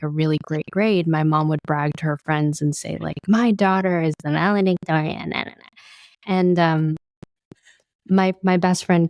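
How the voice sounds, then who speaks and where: Host: woman, slightly low voice, affirming, chatty, dry studio sound. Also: a little mellow, no echo. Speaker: podcast host. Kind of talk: conversational interview hosting.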